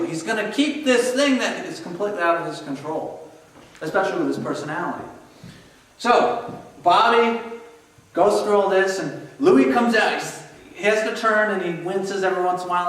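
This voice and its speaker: A male pastor with a fairly high voice delivers a sermon at a moderate pace, telling stories in an animated way and acting out the scenes he describes. He is recorded from far off in an echoey church sanctuary.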